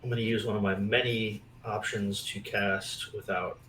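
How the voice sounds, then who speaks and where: A man playing a tabletop game who talks in an unhurried, self-deprecating way. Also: on the low side, little pitch movement, fairly bright tone, roomy sound, distant mic, a little hiss or hum, rough recording. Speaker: player.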